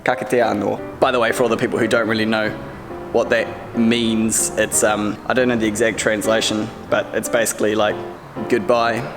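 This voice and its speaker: A man talking casually to camera as a car audio vlogger, relaxed and rambling. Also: on the low side, moderate pace, long reverb tail, over music. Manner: relaxed, rambling, chatty with viewers.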